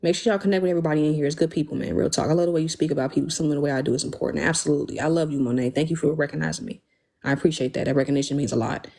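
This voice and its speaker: A young woman sits in front of her webcam hosting a live stream, speaking in loose, slangy, emphatic bursts. Her voice is husky and sits a little low. She keeps breaking off to read comments and thank viewers. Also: rapid-fire, mellow. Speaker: livestream host. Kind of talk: casual livestream talk.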